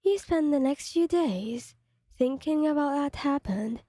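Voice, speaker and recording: A woman's voice: high voice, lively intonation, measured pace, dark tone, dry recording, clean studio sound. Woman reading a second-person story.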